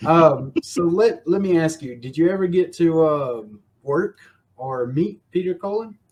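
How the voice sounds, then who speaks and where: A man hosting a podcast, asking a guest questions in a relaxed, casual way. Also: a little high, a little slow. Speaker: podcast host. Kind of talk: casual interview.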